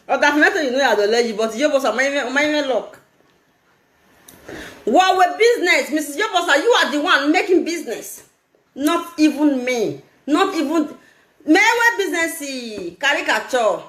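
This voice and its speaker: A Nigerian woman streaming a live vlog, talking in an animated, scolding way and laughing often. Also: sits high, moderate pace, reverberant. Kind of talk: casual live-stream commentary.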